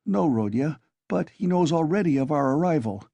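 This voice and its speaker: A man voicing an anxious, timid middle-aged mother who pleads in alarm, pitched well above his own voice. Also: lively intonation, moderate pace, creaky, mellow, no room sound.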